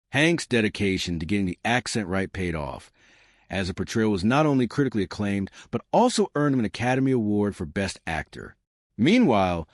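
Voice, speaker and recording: A man's voice: lowish voice, dry recording, clean studio sound. A man reading scripted narration for a countdown list video.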